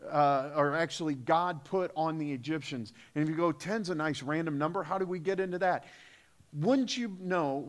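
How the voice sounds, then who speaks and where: A man preaching a sermon as pastor, emphatic, with rhetorical questions and repetition. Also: fairly high pitch. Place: church sanctuary.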